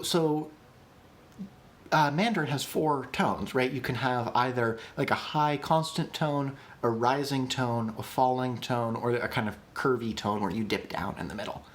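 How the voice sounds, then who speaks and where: A man teaching on a live stream, answering chat questions and thinking out loud with frequent ums and restarts. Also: medium pitch, slight background noise. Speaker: streamer teaching language creation. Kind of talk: live-streamed casual lecture.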